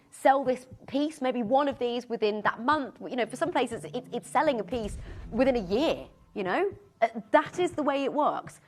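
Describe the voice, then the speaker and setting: A woman presenting on a live shopping channel, gushing and excitable, chatting with many restarts. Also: fairly high pitch. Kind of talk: live TV sales pitch.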